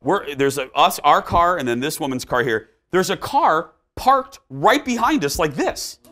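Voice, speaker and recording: A man's voice: a little high, animated, a little slow, fairly bright tone. A man hosting a talk show, telling a story in casual chat and acting out the dialogue.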